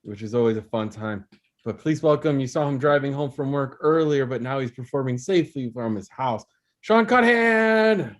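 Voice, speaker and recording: A man's voice: mid-range voice, moderate pace. A man hosting an online open mic, introducing comedians with upbeat banter over a video call. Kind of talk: casual emceeing.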